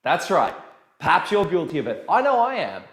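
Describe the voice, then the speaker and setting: Chatty dance coach in an echoey room. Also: male voice, fairly high pitch, moderate pace. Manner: chatty, animated storytelling with quoted dialogue. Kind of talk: casual video lesson.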